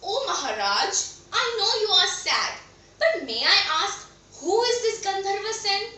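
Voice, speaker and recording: A woman's voice: extremely high pitch, very animated, a little slow, sharp tone, pitched above the performer's own voice, full character voice. A woman voicing a tearful, confused queen in a spoken story. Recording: echoey room, voice a bit far from mic.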